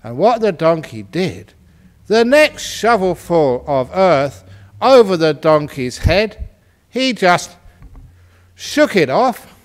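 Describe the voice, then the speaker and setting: A male Buddhist teacher telling a fable in a dharma talk, playful and animated, often breaking into laughter. His slightly raised voice moves up and down a lot, and he takes his time over each phrase. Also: sits high, slow, slight background noise.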